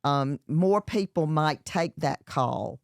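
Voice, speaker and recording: A woman's voice: low-pitched, expressive, takes it slowly, gravelly, no echo. Chatty Southern woman, dry sound. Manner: chatty, lots of fillers and restarts. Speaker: guest, chef and entrepreneur. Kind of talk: casual interview talk.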